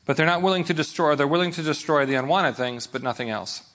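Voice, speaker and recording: Conversational male preacher, higher voice. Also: fast talker, fairly bright tone. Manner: conversational, with rhetorical check-ins to listeners. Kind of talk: sermon.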